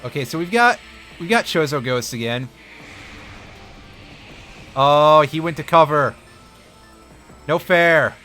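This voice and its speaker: This man streams himself playing a game, offering slow, frequently paused commentary that's dry and self-mocking as he talks with his audience. His voice is a touch high, bright, and forceful, and quiet game music runs in the background.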